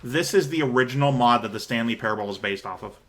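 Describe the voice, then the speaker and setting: Bright-voiced man gaming. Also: medium pitch, fast. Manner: chatty, swears freely. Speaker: let's play host. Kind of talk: casual gaming chat.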